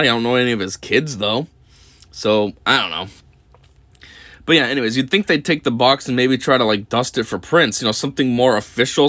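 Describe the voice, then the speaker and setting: A man talks through a scene in casual commentary. He rambles, chuckles often and fills his sentences with "like" and "um". His voice sits at an ordinary pitch. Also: sharp tone. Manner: rambling, chuckling, lots of fillers. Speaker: video commentator.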